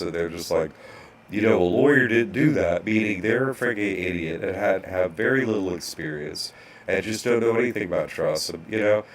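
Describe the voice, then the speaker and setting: A man casually telling a rambling story as an online course instructor, restarting sentences and acting out bank clerks. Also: low voice.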